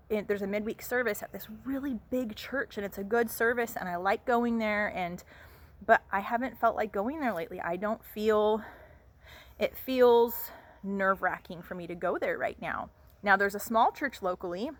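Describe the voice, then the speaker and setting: Woman vlogger, mid-pitched, earnest and encouraging, casual heartfelt delivery with lots of fillers. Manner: gentle, reflective, many fillers and restarts; earnest and encouraging, faith-based advice. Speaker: vlogger sharing personal grief experience. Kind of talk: casual heartfelt talk to camera.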